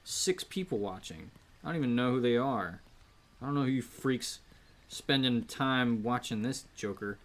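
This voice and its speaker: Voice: mid-range voice, animated, moderate pace. A streamer chatting casually while drawing, playful and rambling, often breaking into song. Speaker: streamer and artist. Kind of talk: casual live-stream chat with singing. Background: rain and piano ambience.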